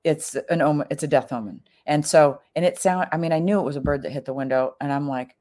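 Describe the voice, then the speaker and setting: Chatty middle-aged woman, low voice. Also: fast talker, warm tone. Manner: chatty, full of "like" fillers, acts out quoted lines with big pitch jumps. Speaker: storyteller. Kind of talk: casual personal storytelling.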